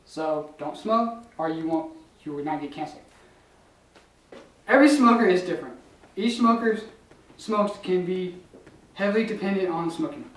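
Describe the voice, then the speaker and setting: A man's voice: high voice, normal speed, long pauses. A young man presenting facts in an amateur comedy sketch, stumbling as he half-reads from notes. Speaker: guest presenter. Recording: echoey room with the camera far off.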